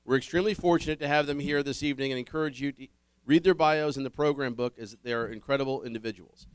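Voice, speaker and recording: A man speaks fast in a medium-pitched, clear and resonant voice as host of a public dinner forum. Addressing the diners with upbeat energy, he welcomes them, gives the ground rules and introduces the panelists, and no room sound comes through.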